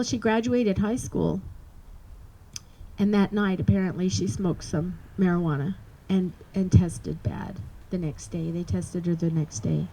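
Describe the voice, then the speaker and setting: A middle-aged woman telling a personal story to an audience, earnest and halting, with many restarts. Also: lowish voice, warm tone, slight background noise, low-quality recording. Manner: earnest, halting, emotional recounting. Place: live performance space.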